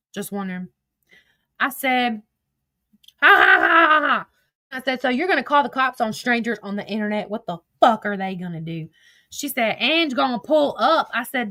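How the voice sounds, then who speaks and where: A woman's voice: on the high side, a bit bright, no echo. A woman streaming casual commentary, reading text messages aloud in a profane, gossipy way and laughing often. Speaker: social media streamer.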